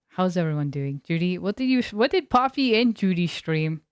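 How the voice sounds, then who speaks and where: A woman's voice: on the low side, expressive, moderate pace, clear, resonant tone, no echo, clean studio sound. A young adult woman streaming as a variety streamer, chatting casually with her viewers in a rambling, talkative way and laughing often. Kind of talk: casual chat with live viewers.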